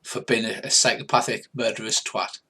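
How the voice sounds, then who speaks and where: A man's voice: fairly low pitch, little pitch movement, a little fast, very noisy. An older man from England narrating as game master of a tabletop game, in loose, rambling narration with restarts and sound effects.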